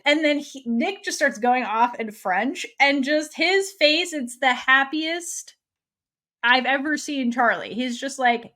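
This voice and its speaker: A young woman co-hosts a podcast in a casual, animated way, sitting a little above the usual female pitch. She laughs, swears freely and jumps into quick impressions of the characters as she recaps. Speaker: podcast co-host.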